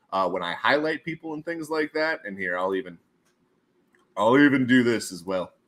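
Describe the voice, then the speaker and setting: A man hosting a casual livestream, thinking aloud as he works on screen and breaking into goofy shouted voices. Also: medium pitch. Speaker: livestream host.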